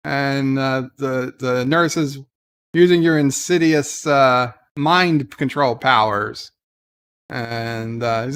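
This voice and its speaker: A man speaks at a medium pitch, taking it slowly, with a slightly bright and clean tone. He hosts a casual live watch-along, giving a loose recap of the scenes filled with "uh" and "like" and answering chat along the way.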